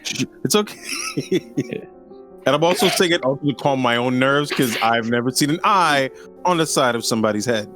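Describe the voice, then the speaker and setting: Animated swearing man playing a tabletop game. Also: mid-range voice, a little fast, faint music behind. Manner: animated, swearing, acts out his character's lines. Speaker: player. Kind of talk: casual tabletop game chat.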